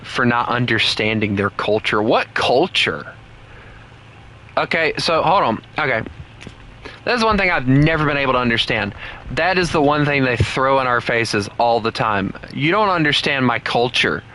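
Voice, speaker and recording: Southern US male streamer, rambling opinionated rants, middle pitch, tense bright tone. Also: expressive, normal speed, slight background noise, low-quality recording. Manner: blunt, heated rants. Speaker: game streamer. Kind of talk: casual live-stream chat.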